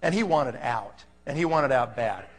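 A man's voice: mid-range voice, lively intonation, normal speed, long reverb tail. A man presenting at a business seminar, telling a story to a live audience in an emphatic, conversational way and often checking in with "okay?".

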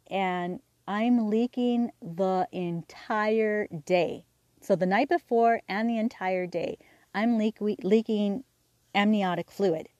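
A woman hosting a podcast, telling a personal story candidly, halting with fillers and restarts and acting out the dialogue. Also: medium pitch, warm tone, no echo. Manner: acts out quoted dialogue. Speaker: podcast host.

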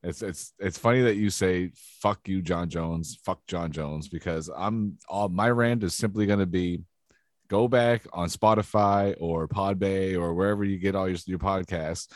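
A man's voice: low voice, fairly even intonation, moderate pace, dry recording, clean studio sound. A man co-hosting a casual sports podcast, giving blunt, clipped opinions with a wry edge. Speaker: podcast co-host.

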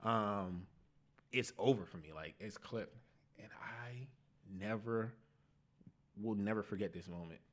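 A young man on a podcast, telling his life testimony in casual slang, animated and laughing at himself. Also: fairly low pitch, unhurried, pauses often. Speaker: podcast guest.

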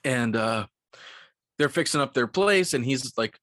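A tipsy man chatting on a podcast, bright and forceful, with a dry close sound. He retells a story in an excited ramble full of fillers and curses. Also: medium pitch, measured pace, no echo. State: tipsy from liquor. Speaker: podcast co-host. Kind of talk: casual movie-recap chat.

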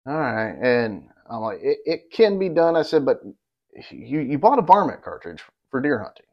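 A man's voice: mid-range voice, big pitch swings, moderate pace. A man co-hosting a podcast, telling a long hunting story in a casual, rambling, profane way and getting worked up when he quotes others. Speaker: podcast co-host. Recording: dull lo-fi podcast audio.

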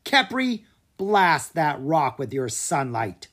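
A narrator voicing a quick-thinking young girl adventurer in a children's storybook, brisk and confident. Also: medium pitch, big pitch swings, a bit bright, exaggerated voice.

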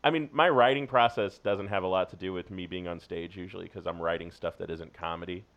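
A man's voice: low-pitched, a little fast, fairly bright tone. A man in his forties, a guest comedian, telling rambling jokey anecdotes in casual podcast chat.

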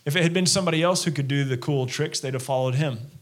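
Guy preaching a sermon, kinda high voice, acts out the crowd and jesus as he goes. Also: quick pace. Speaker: pastor.

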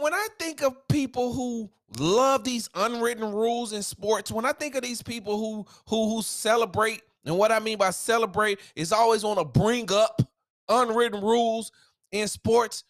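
A man hosting a solo sports podcast, ranting in a heated, emphatic way with casual slang. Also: sits high.

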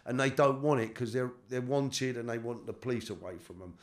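A middle-aged man from London with a London accent, a guest in a candid interview, talking haltingly with casual slang and repeated words. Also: mid-range voice. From London, England. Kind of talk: candid life-story interview.

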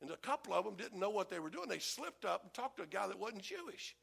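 A middle-aged male pastor preaching a folksy, animated sermon and acting out the voices of the people in his stories. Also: high voice, fast talker, vocal fry, hardly any pauses, breathy edge.

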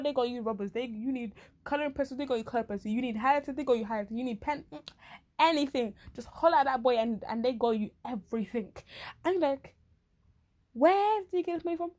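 A young woman with a fairly high voice rattles through a comic monologue in loose slang. She talks animatedly, throws in quick asides, and sometimes jumps into shrill voices to act out other people. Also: a little mellow. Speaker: vlogger. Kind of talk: comic casual monologue to camera.

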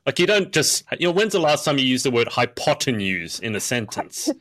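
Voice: medium pitch, fairly quick, no echo. Teasing Australian co-host. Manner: teasing, animated mimicry of slang. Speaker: podcast co-host. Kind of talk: casual chat.

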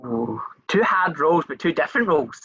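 Scottish interviewer, chatty, bright, dry, slightly dull recording. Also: mid-range voice, expressive, fairly quick, gravelly, breathy edge, dry recording. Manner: chatty, rambling, many fillers and restarts. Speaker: interview host. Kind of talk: casual interview chat.

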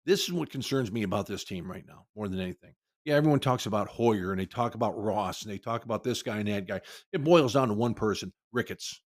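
A man's voice: medium pitch, vocal fry, no room sound, clean studio sound. A man hosting a sports talk show, ranting in frustration with mocking quotes.

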